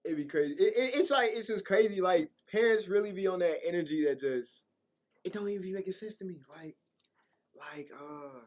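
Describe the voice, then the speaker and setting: A young man co-hosting a college radio show, telling rambling, animated stories in casual slang. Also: high-pitched, fairly quick. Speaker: co-host. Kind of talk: casual chat.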